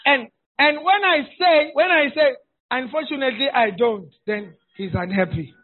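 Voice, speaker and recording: A man preaches a lively, humorous sermon, raising his voice into shouts to drive points home. His voice sits very high for a man. The sound is thin and tinny, like it came through a phone line. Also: normal speed. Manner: animated and humorous, shouting for emphasis. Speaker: pastor.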